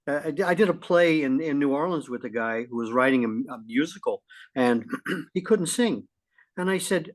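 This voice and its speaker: A middle-aged man co-hosting a casual talk show, folksy and lively, often clearing his throat. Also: fairly high pitch, normal speed. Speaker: podcast co-host. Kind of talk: casual conversational chat.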